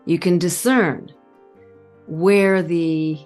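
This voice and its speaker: Calm, lower-voiced woman speaking earnestly. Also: faint music behind. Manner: calm, earnest, with pauses and stretched words. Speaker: spiritual channel host. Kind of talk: reflective spiritual talk to camera.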